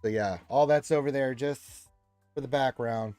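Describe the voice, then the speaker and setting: A man's voice: mid-range voice, normal speed, darkish tone, clean tone, no echo, soft background music. A man hosting a casual live stream, reading viewer comments aloud and chatting back from a room full of action figures.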